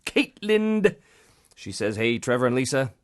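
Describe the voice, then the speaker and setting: A man from Canada hosts a casual podcast, his voice moving up and down in a lively, animated way. He reads out listener questions and jokes around. The sound is dry and close, with little room around it. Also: mid-range voice, measured pace, dry recording. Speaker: podcast host.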